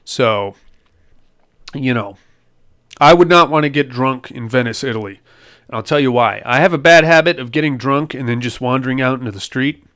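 Smooth-voiced man rambling through a film recap. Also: medium pitch, normal speed, fairly bright tone. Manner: rambling, crude and joking. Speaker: podcast host.

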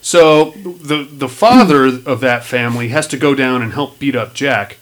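A podcast host recaps a film in casual, profane chat, his medium-pitched voice moving a little slowly over a faint hiss or hum. He's animated, swearing plenty and acting out lines from the story.

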